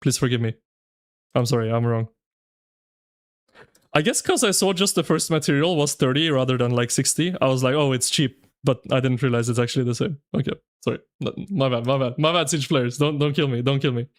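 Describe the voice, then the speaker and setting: A man streaming live, chatting with his viewers in an excitable, slangy, ranting way. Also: mid-range voice, a little fast. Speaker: game streamer. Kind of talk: casual live-stream commentary.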